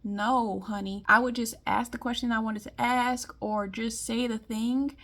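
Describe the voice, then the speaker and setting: Woman from Detroit, vlogger; blunt, emphatic, chatty delivery, voice on the high side. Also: little pitch movement, unhurried, fairly bright tone. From Detroit, US Midwest. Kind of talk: casual monologue commentary.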